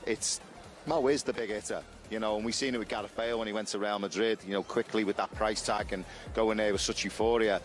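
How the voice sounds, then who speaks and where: A man's voice: fairly low pitch, fairly even intonation, quick pace, soft background music. A man, chatting casually as a football pundit, peppered with "you know".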